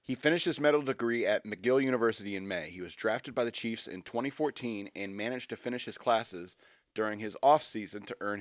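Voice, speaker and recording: A man's voice: mid-range voice, no echo, studio quality. A man hosting a radio show, reading news items aloud and adding wry, joking asides in casual banter.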